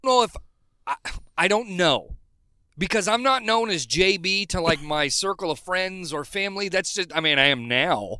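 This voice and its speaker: A man with a high, bright voice tells a casual anecdote on a podcast, rambling and restarting his sentences. The sound is dry and close. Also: lively intonation, moderate pace, no echo. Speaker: podcast co-host.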